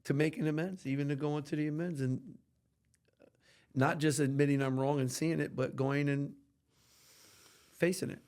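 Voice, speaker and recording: A man talking candidly as a podcast guest about his recovery, earnest and animated, with casual slang and cussing. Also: on the high side, moderate pace, long pauses.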